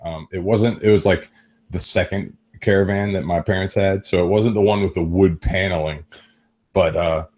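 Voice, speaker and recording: Give me a deep-voiced man in his thirties, hosting a casual podcast and swearing often. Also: fairly even intonation, moderate pace, a little mellow. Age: 30s. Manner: rambling storyteller, swears freely. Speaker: podcast host. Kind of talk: casual chat.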